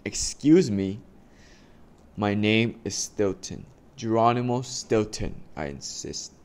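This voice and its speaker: A man's voice: fairly low pitch, animated, slow pace, a little mellow. A man voicing a fussy, polite male mouse who corrects others in a storybook. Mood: insistent. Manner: insistent, correcting.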